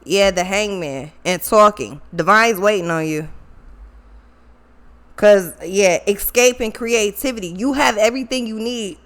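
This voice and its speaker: A woman's voice: mid-range voice, measured pace, a bit bright. A woman giving a casual tarot reading, blunt and swearing freely, repeating points for emphasis, with features. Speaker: tarot reader.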